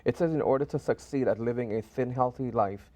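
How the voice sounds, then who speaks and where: Man, talk show host, casual interview, halting, hesitant. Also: medium pitch, warm tone. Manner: hesitant, many ums and restarts.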